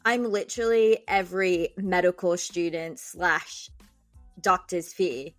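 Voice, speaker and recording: A young podcast host, who is also a doctor, tells a comic and dramatic story with jokes at her own expense. Her low voice moves slowly with fairly even intonation on a dry recording, faint music audible behind her.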